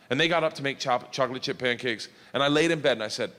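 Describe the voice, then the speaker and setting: A man doing stand-up storytelling, loud and profane, with animated delivery and shouted punchlines. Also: medium pitch, very fast, hardly any pauses, in a large hall. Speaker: stand-up comedian.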